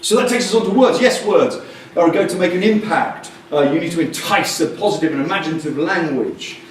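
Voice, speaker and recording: A man giving a lively, jokey presentation at a coaching conference, often acting out voices. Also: sits high, fairly quick, a little hiss or hum. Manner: animated, jokey, acts out voices. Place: large hall. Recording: echoey hall, mic far off.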